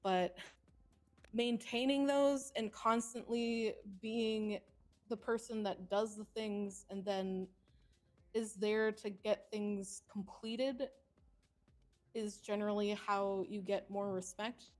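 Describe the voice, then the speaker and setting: A woman streamer playing a senior police officer, giving relaxed advice and swearing casually. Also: mid-range voice, takes it slowly, faint music behind.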